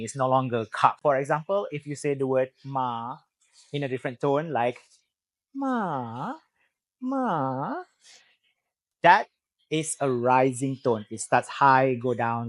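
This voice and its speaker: A man's voice: mid-range voice, dry recording. A man talks through a casual language lesson in a mid-range voice. He explains patiently and stretches words out to show how they sound. The sound is dry and close, with little room to it. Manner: explaining patiently, demonstrating tones by drawing out words. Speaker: language teacher. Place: in Bangkok, Thailand.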